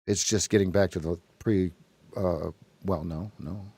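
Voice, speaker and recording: A deep-voiced man hosts a live trading stream, calling out prices in quick, joking commentary. His voice is husky, and the sound is dry and close. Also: fairly even intonation, darkish tone, no echo.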